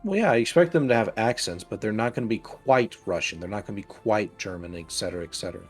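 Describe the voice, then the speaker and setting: A man chatting casually on a game stream, animated and quick to laugh, talking about his own storytelling. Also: fairly low pitch, faint music behind.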